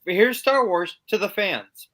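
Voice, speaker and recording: A man in casual podcast chat, animated and emphatic, giving playful rants. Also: sits high, slow pace.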